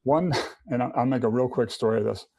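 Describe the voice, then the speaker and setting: A man's voice: medium pitch, fairly quick, dark tone. A middle-aged man giving a personal testimony in casual conversation, earnest, often restarting and repeating words. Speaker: podcast guest.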